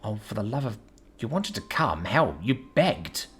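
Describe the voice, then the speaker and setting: A man's voice: medium pitch, wildly swooping pitch, moderate pace, fairly bright tone, pitched above the performer's own voice, full character voice. A man voicing a cocky, cheerful male human adventurer who talks in a breezy, teasing way.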